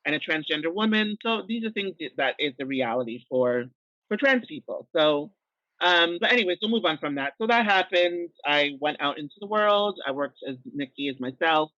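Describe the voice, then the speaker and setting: A trans woman and drag performer, a podcast guest, frankly retelling her experiences in a lively way with plenty of fillers. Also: sits low, normal speed, no echo, dull audio. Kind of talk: candid storytelling conversation.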